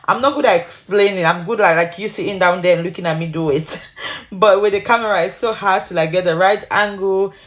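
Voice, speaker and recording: A woman's voice: medium pitch, brisk. A woman talking viewers through how she makes a braided wig, chatty and sassy, calling them honey and sweetheart. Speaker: wig maker showing her craft. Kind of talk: casual tutorial talk to viewers.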